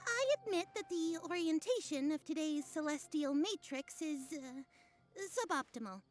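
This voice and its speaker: An actress voicing a theatrical female fortune teller who speaks in a grand, archaic and drawn-out way. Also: sits high, faint music behind, lightly acted. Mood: puzzled.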